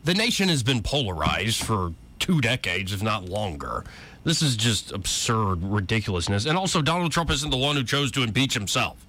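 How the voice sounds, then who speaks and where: A man's voice: fairly low pitch, very animated, moderate pace, pushed and bright. A man hosting a political talk radio show, blunt, joking and opinionated.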